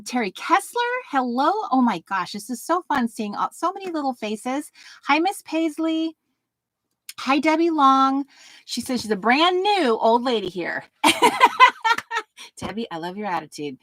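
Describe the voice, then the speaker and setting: A bubbly woman hosts a casual live stream, calling out viewers by name and laughing often. Her voice sits high and swoops up and down with lively energy. The sound is close and dry, with no room echo.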